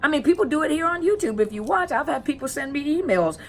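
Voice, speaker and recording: A woman counselor and coach on narcissistic abuse gives a casual educational talk to viewers in a high, fast, fairly bright voice with big pitch swings. She's conversational, full of rhetorical questions and repeated phrases, and stalls with fillers while searching for words, over slight background noise.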